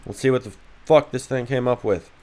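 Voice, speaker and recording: A man's voice: medium pitch, brisk, a little mellow, clear, resonant tone. A man from Idaho, a game developer streaming live, bantering with his chat in a loose, joking, profane way. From Idaho, USA. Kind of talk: casual livestream chat.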